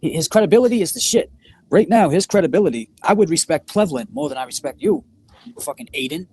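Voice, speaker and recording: A man's voice: sits high, fast, a little hiss or hum. A man co-hosting a livestream, speaking scornfully and swearing heavily. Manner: profane, scornful, animated. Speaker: podcast co-host. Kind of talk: heated livestream rant.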